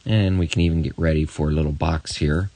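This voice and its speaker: Deep-voiced man teaching a math lesson. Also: steady tone, dark tone, dry recording. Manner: encouraging, talks straight to the student with quick asides. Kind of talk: recorded video lesson.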